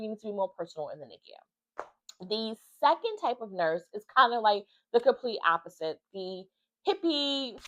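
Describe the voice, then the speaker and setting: A woman's voice: medium pitch, rough recording. A woman, a mother, talking earnestly and emphatically in a casual vlog about her time with her baby in intensive care. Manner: earnest and emphatic, animated storytelling. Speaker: mother of a former NICU baby, vlogger.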